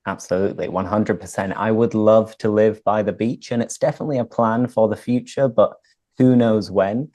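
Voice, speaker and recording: A man's voice: fairly low pitch, fairly even intonation, moderate pace, dark tone, dry recording, clean studio sound. A man hosting an English-learning interview, asking questions and giving short encouraging responses. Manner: encouraging, brief prompts. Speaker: host, English teacher.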